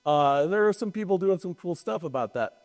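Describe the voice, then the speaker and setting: A man co-hosting a casual panel talk at a trade show, quick and joking, with sarcastic asides. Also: high voice, lively intonation, a little mellow. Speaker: podcast co-host. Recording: long hall reverb.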